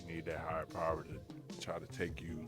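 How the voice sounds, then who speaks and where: A man with a very deep voice talks in a laid-back way about running his restaurant. He chats casually and keeps checking in with the listener. Music plays clearly behind him in the room. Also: monotone, a little fast. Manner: laid-back, says "you know what I mean" often. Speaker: restaurant co-owner. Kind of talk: casual interview chat. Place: indoors in a wing restaurant. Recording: music playing in the background.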